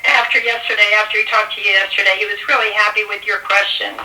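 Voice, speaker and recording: A woman's voice: medium pitch, little pitch movement, fast talker, bright, forceful tone, a little hiss or hum. Woman on a distant echoey phone line. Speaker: guest's companion. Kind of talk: casual chat. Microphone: phone on speaker. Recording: phone audio re-recorded, echoey.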